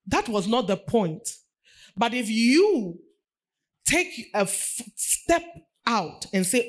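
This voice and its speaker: A woman's voice: on the high side, lively intonation, unhurried. A woman pastor preaching a sermon, repeating phrases for emphasis.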